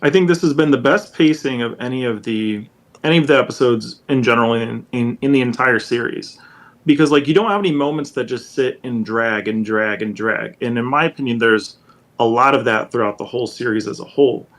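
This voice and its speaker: A man's voice: medium pitch, fairly quick, a bit bright. Rambling man on a podcast. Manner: rambling with many fillers like "you know" and "um". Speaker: podcast co-host. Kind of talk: casual podcast discussion.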